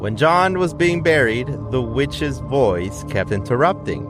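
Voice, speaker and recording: A man's voice: mid-range voice, expressive, measured pace, over music. A man co-hosting a podcast, casually retelling a ghost legend and peppering it with "right?" asides. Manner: tells the story with frequent "right?" and "like" asides. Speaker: podcast co-host telling the story. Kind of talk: casual storytelling chat.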